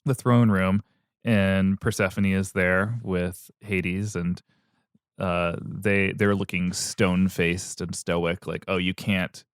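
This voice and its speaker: Brief: young male co-host, playful storyteller who laughs a lot, smooth clear voice, lowish pitch. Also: level tone, slow, dry recording, studio quality. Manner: playful, laughs often, slips into goofy character voices. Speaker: podcast co-host. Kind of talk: joking myth retelling.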